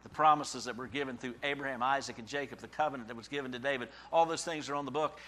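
Bright-voiced male preacher, conversational and animated. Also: medium pitch, quick pace, few pauses. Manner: animated preaching, voicing the prophet's cries with sudden rises; conversational asides ending in "okay?". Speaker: pastor. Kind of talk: sermon.

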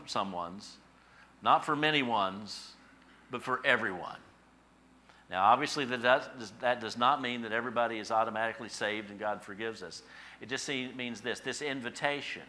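Male pastor, sermon; bright, forceful tone; drops to a hush, then builds with repetition. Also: lowish voice. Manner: dynamic, swings from hushed to emphatic; repetitive, preacherly cadence.

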